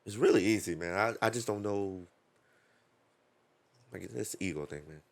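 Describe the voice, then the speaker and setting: A man who works as a DJ, chatting casually as a podcast guest and acting out quotes with lively voices. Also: fairly low pitch, normal speed, gravelly.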